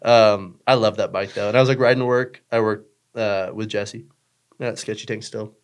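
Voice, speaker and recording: A man's voice: lowish voice, steady tone, moderate pace, clear, resonant tone. A young man chatting casually as a podcast guest, rambling with lots of fillers, swearing and joking. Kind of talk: casual chat.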